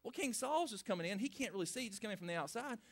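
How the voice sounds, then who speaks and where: A man's voice: sits high, lively intonation, racing. A middle-aged man preaching a sermon, retelling a Bible story in a folksy way and acting out the characters' lines. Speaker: pastor.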